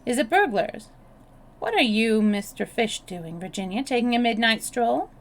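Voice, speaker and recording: Woman voicing a blunt, excitable young lady. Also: a little high, pitched above the performer's own voice. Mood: excited. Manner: brisk, excited.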